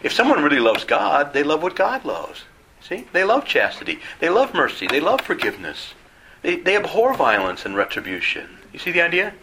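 A man leading a Bible study class in an animated, conversational way. His pitch swings widely as he poses rhetorical questions to the group. His voice is bright and forward. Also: moderate pace, slight background noise, rough recording. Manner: animated, acts out quoted voices; asks listeners rhetorical questions. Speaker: Bible teacher.

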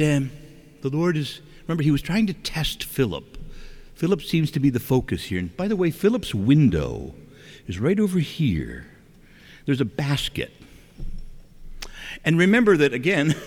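Animated male preacher in a reverberant church. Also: a little high, moderate pace, long pauses. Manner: animated, asks rhetorical questions, acts out quotes. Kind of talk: conversational sermon.

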